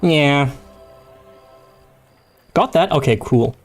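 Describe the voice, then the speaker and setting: A young man whose first language is German, streaming a game and chatting loosely with his viewers. His fairly high voice swings up and down a lot, and he rambles, jokes and laughs often. Soft music plays quietly behind him. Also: expressive, very slow. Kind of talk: casual livestream chat.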